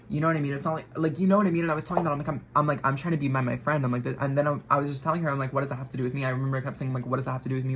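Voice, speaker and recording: A woman's voice: very deep voice, a little hiss or hum, rough recording. A young woman vlogger telling a story while getting ready, rambling with lots of filler words and swearing.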